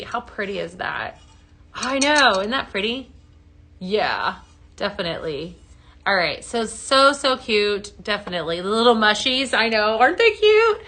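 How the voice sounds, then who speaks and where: A woman hosts a casual live-selling stream with a bright, crisp tone. She chats loosely, answers viewer comments as they come in and fills the gaps with plenty of ums. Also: on the high side. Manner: chatty, reads and answers viewer comments, many fillers. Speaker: live-stream product host.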